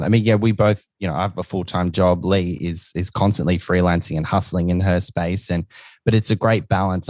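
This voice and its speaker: An Australian man chats with enthusiasm as a podcast guest. His voice is very deep. The recording is dry and close. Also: a little mellow, dry recording. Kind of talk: casual chat.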